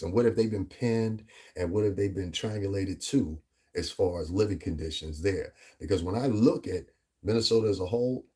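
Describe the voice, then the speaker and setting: A man from the US Northeast tri-state area, with a New York-area accent, rants emphatically in a casual commentary vlog. His low voice is husky and a little mellow, and he rambles with frequent "you know what I'm saying."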